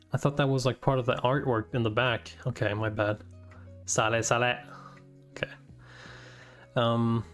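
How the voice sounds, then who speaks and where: A man casually reading a comic aloud and reacting, thinking out loud with many fillers and breaking into surprised swearing. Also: mid-range voice. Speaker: host reading manga aloud.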